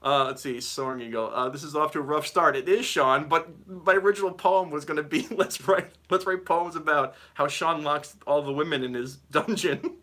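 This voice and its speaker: A man's voice: fairly high pitch, bright, forceful tone. A man teaching guitar on a live stream, giggling and rambling as he reads the chat, with guitar playing behind.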